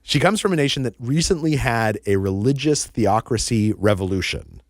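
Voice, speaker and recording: A man appearing as an author guest in an interview, telling a story with animated energy and often repeating words as he goes. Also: medium pitch, moderate pace, dry recording.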